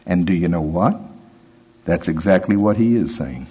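A male preacher giving a sermon, talking in a conversational, emphatic way and dropping his voice low when he quotes. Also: animated, moderate pace, warm tone, breathy edge.

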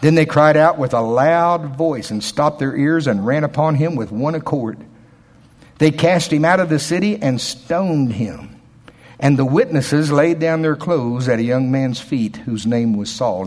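A man preaching a sermon in a folksy, emphatic way, dropping to quiet asides and rising to loud, shouted passages. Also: medium pitch. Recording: long hall reverb.

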